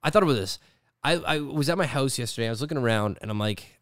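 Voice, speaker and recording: A man's voice: medium pitch, lively intonation, fast, dry recording, studio quality. A man hosting a podcast, talking casually and rambling with lots of "like", often acting out quoted voices. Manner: rambling, filler-heavy with frequent "like". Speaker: podcast host. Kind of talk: casual chat. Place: his studio.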